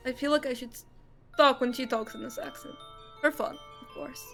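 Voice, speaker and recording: An excitable woman streamer reacting live to a game, gushing and quick to laugh. Her voice is somewhat high with a steady gravelly fry. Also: faint music behind.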